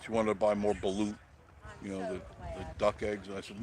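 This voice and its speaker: A man's voice: fairly low pitch, level tone, a little fast. A man hosting an unscripted live stream, talking bluntly and chattily and greeting viewers by name as he goes.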